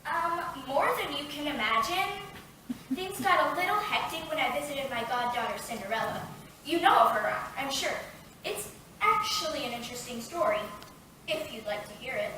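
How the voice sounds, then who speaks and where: A sassy, chatty fairy godmother, played by a woman in a live youth theatre show, high-voiced and playfully theatrical. She is heard from far back in a very echoey theatre, with steady audience and room noise behind her. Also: normal speed. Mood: storytelling. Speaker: stage actor. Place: theatre stage. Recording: echoey stage taped from afar.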